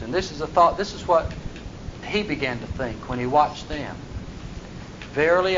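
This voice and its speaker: A man preaching a sermon, reading scripture verses aloud and then explaining them in plain, folksy talk. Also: mid-range voice. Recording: dull lo-fi recording with faint noise.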